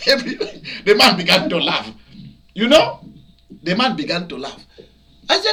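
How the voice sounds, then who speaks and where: Animated Nigerian preacher man, high bright voice. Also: moderate pace. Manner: animated storytelling with shouted outbursts and laughter. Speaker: pastor. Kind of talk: preaching to a broadcast audience.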